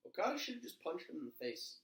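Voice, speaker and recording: A man co-hosting a casual wrestling podcast, joking and swearing in excitable banter. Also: fairly high pitch, fast talker, roomy sound. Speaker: podcast co-host. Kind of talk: casual chat about wrestling.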